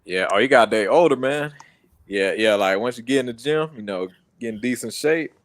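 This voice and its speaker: A man's voice: mid-range voice, animated, brisk, no echo. A young American man co-hosting a casual streamed chat, laid-back and slangy, laughing often. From United States. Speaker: co-host.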